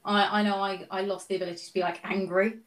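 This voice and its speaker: A woman, chatty and excitable in a casual conversation, laughing often. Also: medium pitch, fast talker, distant mic, low-quality recording. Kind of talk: casual chat. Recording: voice a little off-mic.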